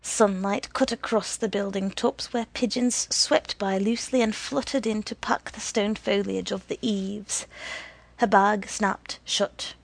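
A woman narrating a story in a measured, deliberate reading with a husky voice. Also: medium pitch, steady tone, dry recording.

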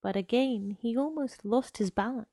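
A woman narrating a story in a measured, deliberate reading. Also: a little high, warm tone, dry recording, studio quality.

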